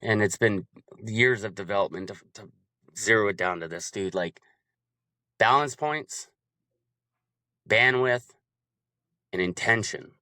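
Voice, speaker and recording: Animated man explaining coaching, dry close sound. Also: on the low side, measured pace, long pauses, no echo. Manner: animated, acts out examples in changing voices. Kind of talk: casual chat.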